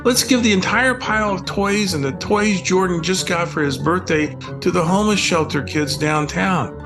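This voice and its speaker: A man's voice: sits high, normal speed, over music, pitched above the performer's own voice. A man voicing a wise eight-year-old girl cousin in a storybook, earnestly explaining.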